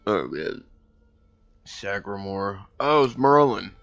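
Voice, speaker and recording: Deep gravelly man, laid-back game commentary. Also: sing-song, slow, a bit bright, highs cut off, soft background music. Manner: laid-back, thinks aloud, reads game text. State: hiccuping. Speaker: gameplay commentator. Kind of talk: casual let's-play commentary.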